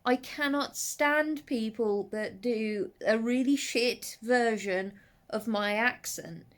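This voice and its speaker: A woman's voice: a little high, takes it slowly. Chatty English woman with faded Brummie accent. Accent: faded Brummie / Black Country. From English West Midlands. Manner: chatty, rambling, lively with frequent asides. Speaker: horror movie reviewer. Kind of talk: casual vlog chat. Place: at home, settled under a blanket.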